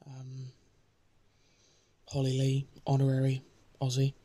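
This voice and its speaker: Soft, husky-voiced woman reading poetry. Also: extremely low pitch, completely flat delivery, takes it slowly. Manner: soft-spoken, often slipping into a whisper. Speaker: host of a daily poem reading. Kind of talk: casual chat and poetry reading.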